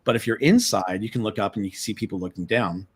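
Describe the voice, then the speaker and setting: A man with a fairly low voice tells a story as a guest on a live stream. He gets excited, stumbles over repeated words and acts out what everyone said. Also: fast, husky. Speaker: guest, former ship tour guide. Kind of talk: animated storytelling. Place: remote live stream call.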